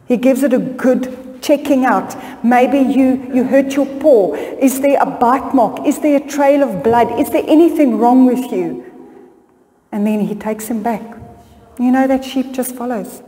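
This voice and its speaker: A woman's voice: fairly high pitch, measured pace, warm tone. A middle-aged woman pastor, preaching a sermon and telling stories that rise to fervent appeals. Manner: storytelling, rising to fervent appeals. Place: church hall. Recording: long church hall reverb.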